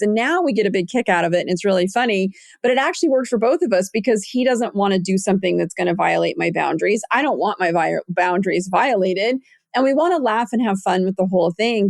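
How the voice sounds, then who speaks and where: Lively woman podcast host telling a story. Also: dry recording, clean studio sound. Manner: animated storyteller, acts out quotes in a higher voice. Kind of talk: casual podcast chat.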